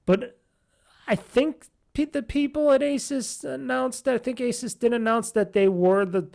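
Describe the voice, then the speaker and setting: A man's voice: extremely high pitch, steady tone, unhurried, a little mellow. A man hosting a casual solo gaming podcast, talking in a rambling way full of fillers and restarts, with a nasal, stuffy, tired voice. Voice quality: nasal, gravelly. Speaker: podcast host.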